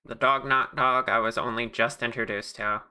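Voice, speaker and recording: Streamer, casual crafting chat, very sharp, crisp, chatty tone, thinks aloud at a home mic. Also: mid-range voice, fairly even intonation, moderate pace. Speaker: livestreamer making plushies.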